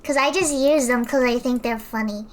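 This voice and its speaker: High-voiced chatty woman streamer. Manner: chatty, self-deprecating, rambling storyteller. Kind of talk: casual stream chat while painting.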